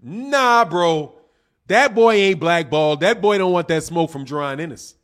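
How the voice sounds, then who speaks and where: A man's voice: fairly high pitch, expressive, measured pace, a bit bright. A man giving casual livestream commentary on boxing, reading chat comments and answering them in a blunt, heated, slang-heavy way, often repeating his points.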